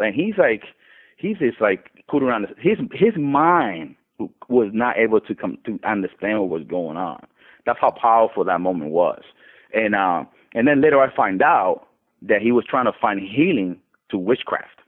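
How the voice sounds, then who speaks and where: A man's voice: on the low side, moderate pace. A man casually telling a faith testimony, often restarting and lifting his voice when quoting others. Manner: animated retelling with many restarts, voice rising when quoting others. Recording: tinny phone-line sound.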